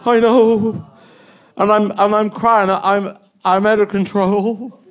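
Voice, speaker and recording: A man's voice: high-pitched, little pitch movement, slow pace, lo-fi sound. A man with a Cornish accent telling bawdy, rambling stand-up stories and chuckling at his own jokes. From Cornwall. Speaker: stand-up comedian. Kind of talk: live stand-up storytelling.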